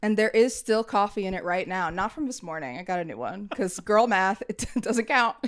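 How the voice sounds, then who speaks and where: A young adult woman co-hosts a relaxed podcast chat. Her voice sits at a middle pitch, and she tells a story with animated energy, swearing freely along the way. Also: normal speed. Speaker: podcast co-host. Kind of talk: casual chat.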